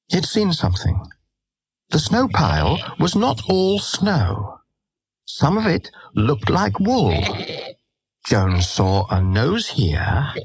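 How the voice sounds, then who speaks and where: A man reading a children's storybook aloud in an expressive, lively way. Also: fairly low pitch, slightly rough, no echo. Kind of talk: storybook narration.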